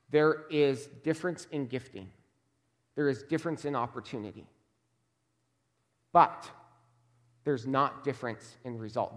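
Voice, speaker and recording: A man preaching a sermon as a pastor, emphatic and measured, slowing down to stress key words. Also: a little high, a bit bright, in a large hall.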